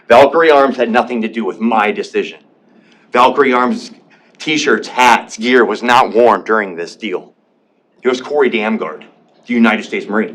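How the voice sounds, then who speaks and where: A man's voice: fairly low pitch, fairly bright tone. A man speaking in public comment at a county board meeting, emotional and defensive, often repeating himself and restarting. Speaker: public commenter, veteran and business owner.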